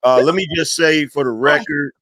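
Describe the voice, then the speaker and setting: A man's voice: a little high, fairly even intonation, normal speed, very noisy. A married man in casual podcast banter, protesting in mock defense of himself.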